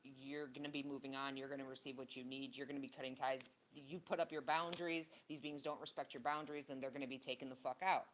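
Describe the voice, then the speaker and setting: A woman's voice: rumbling low, level tone, fast talker, hardly any pauses, a little hiss or hum, poor audio. A woman giving a casual tarot reading, blunt and profane with rambling asides. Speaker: tarot reader.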